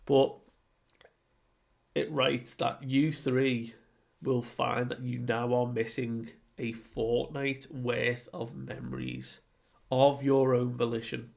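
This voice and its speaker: A man's voice: mid-range voice, little pitch movement, slow, gravelly, darkish tone. A young man chatting casually through a comic chapter recap, full of fillers and acted-out quotes. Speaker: anime and manga reviewer.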